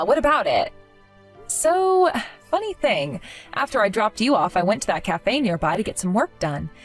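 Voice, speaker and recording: Calm, lively-voiced woman storyteller. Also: on the high side. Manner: calm, dry and amused. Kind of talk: first-person story narration. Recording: faint background music.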